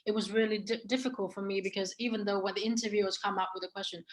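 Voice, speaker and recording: A woman's voice: mid-range voice, steady tone, low-quality recording. A woman co-presenting an online webinar over a video call, telling her own interview stories in an earnest way, with many restarts and fillers. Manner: halting, frequent restarts and fillers; earnest storytelling about past interviews. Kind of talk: casual online webinar talk.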